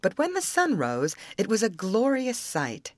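A woman narrating a fairy tale in a gentle, expressive read-aloud style. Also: mid-range voice, measured pace, dry recording. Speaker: storyteller. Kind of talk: storybook narration.

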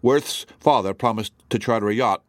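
A man narrating an audiobook story in a steady, measured reading. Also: on the low side, no echo, clean studio sound. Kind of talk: scripted narration.

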